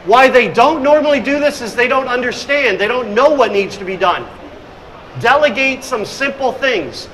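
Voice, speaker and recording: At a moderate pace, a middle-aged man with a very high-pitched, slightly bright voice and lively intonation presents on hospitality leadership. He's a hospitality consultant and speaker in a conference room, telling stories energetically and acting out scenes. The audio is poor, with a little hiss or hum.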